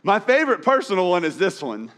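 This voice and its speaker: A man's voice: high voice, big pitch swings, fast talker, a bit bright. A man preaching a sermon in a conversational, self-deprecating way, often restarting his sentences. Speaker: pastor. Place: church auditorium.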